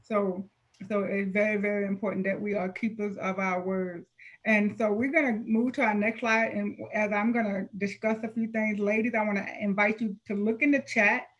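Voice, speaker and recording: A woman's voice: medium pitch, fairly even intonation, normal speed, lo-fi sound. A woman hosting an online panel on a video call, affirming her guests and moving the session along. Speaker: host.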